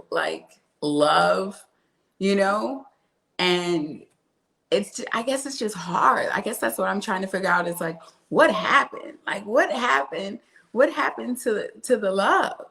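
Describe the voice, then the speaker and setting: A mother talking as a guest in a casual chat, animated and laughing often. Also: mid-range voice, creaky.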